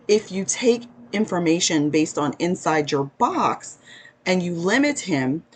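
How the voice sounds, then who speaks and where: A woman's voice: on the low side, slightly rough. A woman casually teaching a spiritual lesson to camera, earnestly recounting a story with frequent self-corrections.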